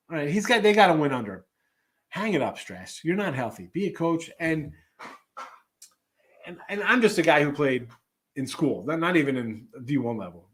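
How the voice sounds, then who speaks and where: Rambling middle-aged sports betting host. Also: male voice, fairly high pitch. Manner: rambling, conversational, many fillers and restarts. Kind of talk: casual sports betting talk.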